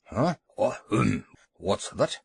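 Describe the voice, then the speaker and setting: A man voicing a grumpy, bloated old male walrus in a children's storybook, talking in a gruff, dismissive way. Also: fairly low pitch, sing-song, slow pace, voice pushed down, heavily acted.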